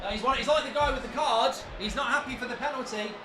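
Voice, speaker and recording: A man co-commentating on a live match, trading jokes and quick banter. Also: very high voice, music in the background.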